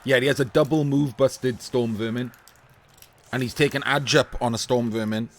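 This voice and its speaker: A male esports commentator calling a match live in a loose, chatty way. He laughs often and swears without a second thought. His mid-pitched voice is getting a little hoarse. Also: steady tone, normal speed. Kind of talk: casual live video game commentary.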